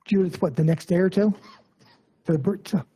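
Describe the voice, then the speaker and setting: A man with a high, hoarse voice delivers a committee report at a local council meeting. His tone is dark and mellow, with a husky edge. He moves methodically from one numbered item to the next. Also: brisk, poor audio. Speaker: finance committee member.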